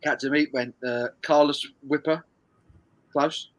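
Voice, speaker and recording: A man whose voice sits on the high side speaks a little slowly in a steady tone. He hosts a charity music quiz on a live stream, reading viewers' answers and bantering amid frequent swearing and laughter.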